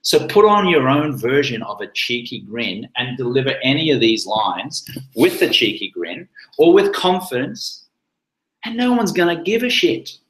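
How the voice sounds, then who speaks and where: Lively male coach, talks casually, acts out example lines, roomy echo. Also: mid-range voice, moderate pace. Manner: animated, acts out sample lines in different tones. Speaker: sobriety coach.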